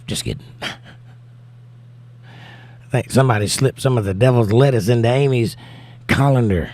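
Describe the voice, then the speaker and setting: A man's voice: medium pitch, moderate pace, long pauses, a little mellow. Brief: American male streamer, laid-back chat, reads comments in a sing-song lift. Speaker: livestream host. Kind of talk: casual chat reading viewer comments.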